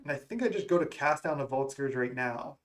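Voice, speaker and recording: Gaming creator, male, mid pitch, casual running commentary on his own play. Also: lively intonation, a little fast. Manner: musing, self-questioning strategy talk. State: has the hiccups. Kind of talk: thinking aloud during card game play.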